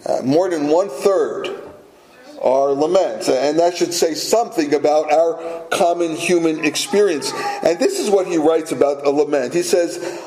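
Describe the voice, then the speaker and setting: A man preaching a sermon as pastor, deliberate and emphatic, repeating words for weight. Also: fairly high pitch, a little mellow, roomy sound, poor audio.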